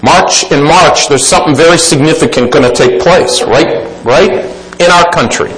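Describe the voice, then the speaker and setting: A man preaching a sermon emphatically, swinging between loud exclaiming and quiet asides. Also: fairly high pitch, normal speed, reverberant, a little hiss or hum, rough recording.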